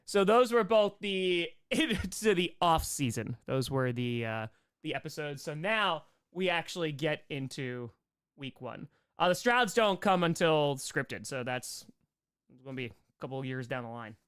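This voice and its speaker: A man's voice: fairly high pitch, lively intonation, measured pace, a bit bright, smooth, no echo, studio quality. A man hosting a live rewatch stream, chatting loosely and enthusiastically about his own sketches. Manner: rambling, enthusiastic, self-teasing. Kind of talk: casual live commentary.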